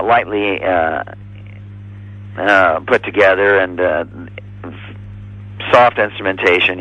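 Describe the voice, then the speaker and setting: A relaxed man answers radio interview questions in an unhurried, halting way, filling gaps with fillers. His voice sits low yet comes across bright and forceful. The recording is dry and close. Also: no room sound, rough recording. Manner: easygoing, halting, lots of fillers. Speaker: drummer being interviewed.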